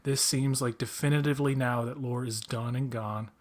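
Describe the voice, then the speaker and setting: Chatty man talking excitedly. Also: mid-range voice, moderate pace. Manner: rambling with many restarts and fillers; enthusiastic fan. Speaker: podcast host. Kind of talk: casual chat.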